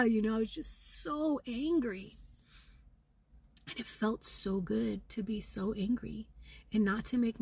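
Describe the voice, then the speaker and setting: A middle-aged woman vents in a raw spiritual vlog, seething, swearing, and speaking fast and intensely with occasional whispers. Her voice is husky and sits on the high side.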